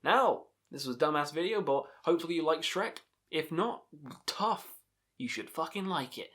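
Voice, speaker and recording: A man's voice: fairly high pitch, expressive, normal speed, a bit bright. A man hosting a video channel, giving a casual, enthusiastic film review full of swearing and laughter. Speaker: video host ranking films.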